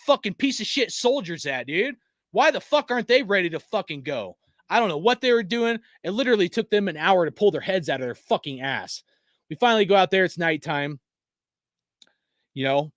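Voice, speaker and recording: A man's voice: fairly high pitch, no room sound, clean studio sound. A man hosting a fan channel, ranting in a casual, heated and profane way, with many restarts. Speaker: sports fan channel host.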